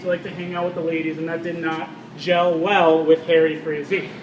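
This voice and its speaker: Guy giving a stadium tour, high voice, far off with noise around. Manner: storytelling, quizzes the crowd. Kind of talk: guided tour talk to a group. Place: outdoors at a ballpark. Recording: distant and echoey, with background noise.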